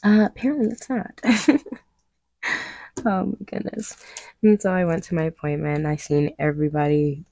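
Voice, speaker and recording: A young woman talks casually to her viewers as she paints, pitched low with a gravelly edge. Her tone is dark and mellow, and she rambles with fillers and small laughs. The sound is close and dry in a small room. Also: steady tone, moderate pace, long pauses, dry recording. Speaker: craft vlogger. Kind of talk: casual chat while painting.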